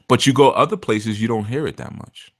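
A man's voice: medium pitch, brisk, no room sound, clean studio sound. A man giving a casual spiritual talk to his listeners, chatty and laughing often, sometimes acting out voices for quotes. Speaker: spiritual teacher.

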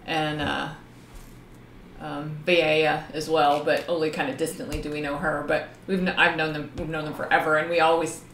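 A woman's voice: deep voice, little pitch movement, moderate pace, a bit bright, roomy sound, slight background noise. A woman co-hosting a live drawing stream in casual chat, talkative and laughing often, with plenty of ums as she tells stories.

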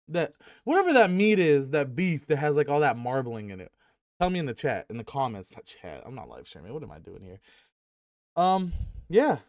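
A man's voice: mid-range voice, sing-song, normal speed, darkish tone. A young man chatting to camera at home in a rambling, joking way, swearing freely and filling gaps with ums. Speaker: gaming YouTuber. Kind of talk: casual rambling vlog to camera. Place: at home with his dog. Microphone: headset.

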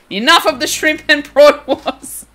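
A woman's voice: high-pitched, animated, slow pace, a bit bright. A young American woman chatting casually on a game live stream, teasing her chat playfully and laughing all the time.

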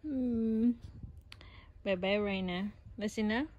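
Slow, whispery cooing mother. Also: medium pitch, dry recording, highs cut off. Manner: playful cooing, often whispering. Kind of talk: baby talk to an infant.

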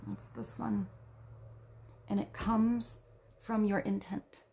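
A woman giving a casual tarot reading, speaking softly and dreamily, sometimes sinking to a whisper. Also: medium pitch, flat delivery, takes it slowly, creaky, slight background noise. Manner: soft, dreamy, drops to a whisper when reading card texts. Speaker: tarot reader.

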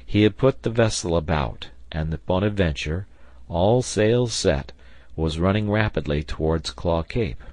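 A man narrating a classic novel as an audiobook in an expressive storytelling manner. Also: low voice, a little slow, no echo. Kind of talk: scripted narration.

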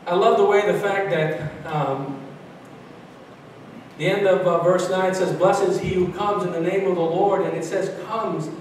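New pastor preaching, fairly high voice, lots of restarts, big echoey church picked up from a distance. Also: male voice, measured pace, slight background noise. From Brooklyn, New York. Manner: animated preaching with frequent restarts and repetitions. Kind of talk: sermon. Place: large church sanctuary.

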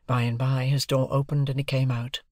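A man reading a classic novel as an audiobook, with a measured, phrase-by-phrase delivery. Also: medium pitch, little pitch movement, darkish tone, no echo, studio quality. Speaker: audiobook narrator.

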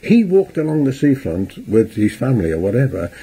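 Older Irish male interviewee, husky and warm, animated chatty storyteller. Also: mid-range voice, brisk. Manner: chatty storyteller, acts out the people he quotes. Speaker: interviewee, singer. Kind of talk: anecdotal reminiscing.

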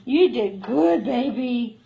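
Lady w a high voice baby-talking to cats on a slow shelter tour, phone audio a bit muffled w faint hiss. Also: animated, gravelly. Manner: coos and baby-talks to cats. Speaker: cat shelter tour guide. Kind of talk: live-streamed shelter tour. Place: indoor cat shelter.

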